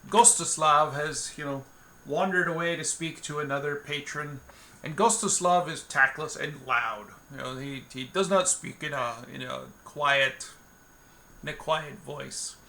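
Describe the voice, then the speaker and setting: Rambling, gravelly man narrating a solo game. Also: a little high, unhurried, sharp tone. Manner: meandering, many fillers and restarts.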